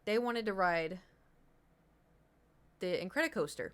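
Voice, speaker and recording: A young woman chatting to her stream viewers, spinning a rambling story. She acts out the people in it and keeps restarting her sentences. Her voice sits at an ordinary middle pitch. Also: measured pace. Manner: animated, acts out quotes of friends, rambling with restarts. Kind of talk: casual storytelling to chat.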